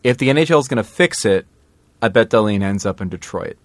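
A man's voice: fairly low pitch, expressive, fast talker, no room sound. A man co-hosting a podcast in casual chat, joking, laughing often and restarting his sentences. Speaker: podcast co-host.

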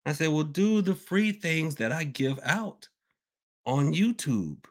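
A man's voice: on the high side, sing-song, takes it slowly. Rambling man hosting a podcast. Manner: rambling, repeats himself, addresses listeners as y'all. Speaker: podcast host and hoodoo worker. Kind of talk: casual open-topic podcast talk.

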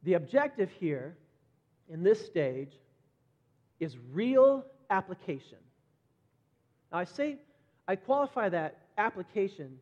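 Man, middle-aged, conversational sermon, repeats words, dull lo-fi recording. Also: sits high. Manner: conversational, repeats words, acts out quoted voices brightly. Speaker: pastor. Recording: dull lo-fi sound with long hall reverb.

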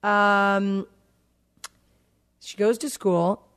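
A woman's voice: medium pitch, fairly even intonation, extremely slow, a bit bright, smooth. A woman in her forties hosting a podcast, telling a story about her kids in a casual chat and acting out their dialogue. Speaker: podcast host.

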